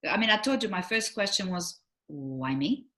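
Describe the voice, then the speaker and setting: A woman's voice: medium pitch, fast. A middle-aged woman, a relationship coach, chatting casually and acting out the people in her stories. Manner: animated storyteller, acts out quotes. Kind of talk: casual chat.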